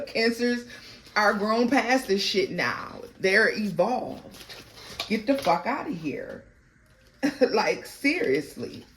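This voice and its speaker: A woman giving a tarot card reading in a blunt, profane way, swinging between loud outbursts and quiet murmurs. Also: medium pitch, animated, slow, a little hiss or hum, low-quality recording. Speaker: tarot reader.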